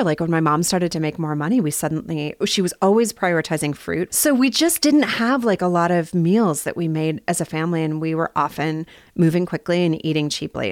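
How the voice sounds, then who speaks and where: A woman's voice: on the low side, dry recording, studio quality. A woman in her forties from North Dakota, talking as a podcast guest in a candid, enthusiastic way. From North Dakota, USA. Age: 40s. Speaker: guest, health director. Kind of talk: casual podcast chat.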